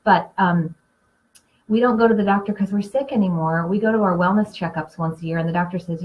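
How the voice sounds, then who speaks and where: A woman hosts a casual live class in a lowish voice. She chats easily and gets animated when she tells stories. The sound is dull and lo-fi, like a home live stream. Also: brisk. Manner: chatty storyteller, animated when telling anecdotes. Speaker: essential oils class host and Reiki practitioner.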